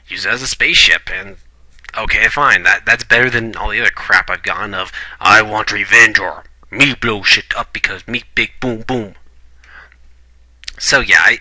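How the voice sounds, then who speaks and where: Guy ranting thru his movie rankings, lowish voice, really bright and dry sound. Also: no room sound, poor audio. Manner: blunt, opinionated, swears casually. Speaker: video reviewer. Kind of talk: casual ranking review.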